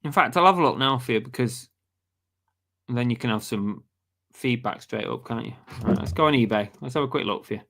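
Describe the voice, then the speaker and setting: A man's voice: mid-range voice, a little fast, a bit bright. A British man hosts a casual live stream, reading viewer comments aloud and answering them in an easygoing, chatty way. His voice sounds a little worn, as he is losing it. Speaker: livestream host.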